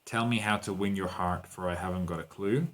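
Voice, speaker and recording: Deep-voiced man teaching English. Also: brisk, fairly bright tone. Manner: explains in English with Spanish translations; upbeat, walks learners through exercises. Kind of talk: online English lesson.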